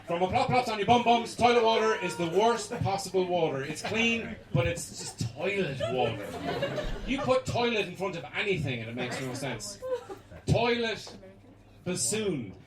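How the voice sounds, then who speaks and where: An Irish man doing a live stand-up set in a small club, bursting into loud acted-out voices. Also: high voice, normal speed, noisy background. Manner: animated, acts out characters in loud bursts. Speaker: stand-up comedian. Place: small basement comedy club. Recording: roomy live club recording from far off, loud crowd laughter.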